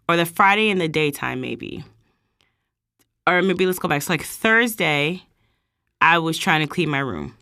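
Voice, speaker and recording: Low-pitched female vlog host, chatty storyteller who acts out the people she quotes, dry recording. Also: no echo. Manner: animated, quotes people in higher voices. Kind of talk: casual storytelling.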